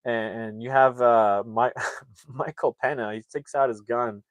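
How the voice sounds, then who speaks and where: A man's voice: mid-range voice, fairly even intonation, measured pace, dry recording. A man casually recapping a film's plot, rambling with lots of filler words. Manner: rambling, filler-heavy storytelling. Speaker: movie reviewer.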